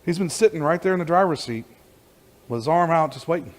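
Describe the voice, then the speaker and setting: A man preaching a sermon as pastor, telling a story with lively energy and many restarts and repeated words. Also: on the high side, fast talker.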